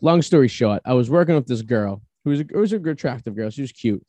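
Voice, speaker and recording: A man in his thirties hosts a laid-back podcast, his voice warm and dark in tone. He tells loose, meandering stories and swears without a second thought. The recording is close and dry, with no room sound. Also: mid-range voice, lively intonation, quick pace, no room sound. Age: 30s. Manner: rambling storyteller, swears freely. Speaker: podcast host. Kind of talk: casual chat.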